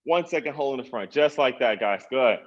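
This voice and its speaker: A man's voice: medium pitch, expressive, fairly quick. Guy trainer leading a live workout, pumped and encouraging, kinda dull lo-fi sound. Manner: upbeat, encouraging, counts down reps. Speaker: personal trainer. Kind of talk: live online workout coaching.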